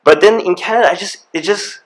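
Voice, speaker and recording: Animated man telling stories. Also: high voice, quick pace, rough recording. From Iran. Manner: animated storyteller, grows excited. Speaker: panel speaker. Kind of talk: live panel discussion. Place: university event room.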